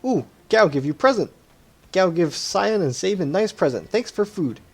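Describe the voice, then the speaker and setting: A man doing a feral boy, pitched-up and excitable. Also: moderate pace, gravelly, slightly rough, faint music behind, heavily acted. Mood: excited. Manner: broken baby-talk grammar, excitable. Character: wild feral boy, childlike broken speech, eager. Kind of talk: video game dialogue read aloud with voices.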